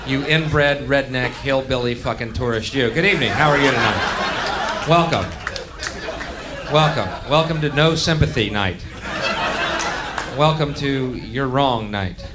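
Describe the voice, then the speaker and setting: A stand-up comedian ranting angrily on stage, swinging between loud outbursts and low mutters. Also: male voice, a little slow, long pauses, over a noisy crowd, heavy background noise.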